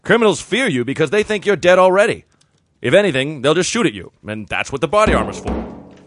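A man's voice: fairly high pitch, sing-song, brisk, noisy background. A man playing a weary old superhero dad. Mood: coaxing. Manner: matter-of-fact, coaxing. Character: weary middle-aged masked hero father. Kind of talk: comedy sketch acting.

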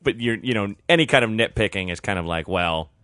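A man's voice: on the low side, animated, quick pace, fairly bright tone, clean tone, no echo. A male comedian who is a guest on a podcast, talking in an easygoing way and peppering it with "you know". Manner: easygoing, musing talk with many "you know"s. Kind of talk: casual chat.

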